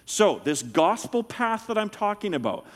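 Lively man preaching in a reverberant hall. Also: high voice, normal speed. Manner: animated teaching, asks listeners if they follow. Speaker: pastor. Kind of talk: sermon.

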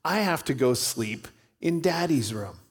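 A man voicing a gentle mother who soothes her child in his own slow voice. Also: a little high, animated, husky, exaggerated voice. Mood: soothing.

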